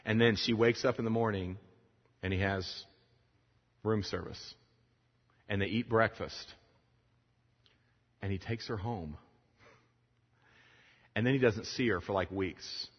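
A man with a fairly low voice preaches a sermon to a room of pastors. He tells a story animatedly and acts out its characters as he goes. The sound is dull and lo-fi, with a long reverb trailing through a large hall. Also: unhurried, long pauses, breathy edge. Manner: animated storytelling, acting out the dialogue.

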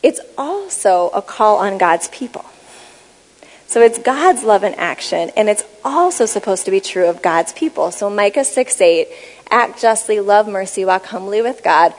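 A woman giving a teaching talk, explaining Bible words and reading passages aloud in a measured, explanatory way. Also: medium pitch, expressive, long reverb tail, poor audio. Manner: measured, explanatory, reads scripture aloud slowly. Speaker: speaker on Bible study.

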